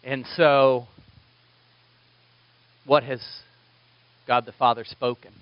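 Animated, high-voiced male preacher. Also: slow, long pauses, muffled recording. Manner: animated, conversational, self-deprecating. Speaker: pastor. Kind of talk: sermon.

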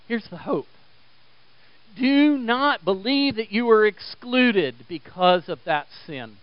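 A man preaching a sermon, swinging between loud, emphatic exhortation and quiet, intense stretches. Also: sits high, animated, slow, smooth, no echo, highs cut off. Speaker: pastor.

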